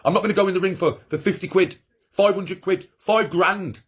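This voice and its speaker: A man's voice: high voice, a little fast, husky. A middle-aged man chatting on a live stream, boastful, crude and rambling, laughing often. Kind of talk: boastful casual chat with friends.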